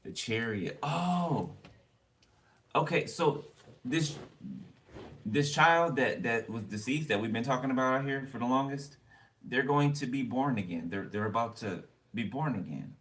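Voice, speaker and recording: Male tarot reader, rambling and profane, distant mic with steady noise. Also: medium pitch, unhurried. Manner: rambling, blunt, swears freely. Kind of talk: casual tarot reading.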